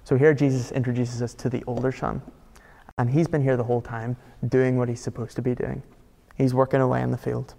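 Gravelly-voiced man preaching a sermon. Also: mid-range voice, little pitch movement, brisk, warm tone, in a large hall. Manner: conversational, emphatic preaching with rhetorical questions. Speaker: pastor.

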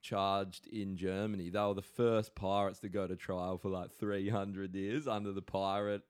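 A man's voice: sits low, level tone, moderate pace, clean tone. A man co-hosting a podcast, telling a long rambling story to his mates with lots of swearing and restarts. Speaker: podcast co-host. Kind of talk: casual chat with mates.

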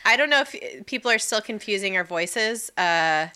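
Bright-voiced chatty woman podcast host. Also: medium pitch, expressive, moderate pace, clean tone. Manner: chatty, rambling, laughs easily. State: pregnant. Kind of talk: casual chat.

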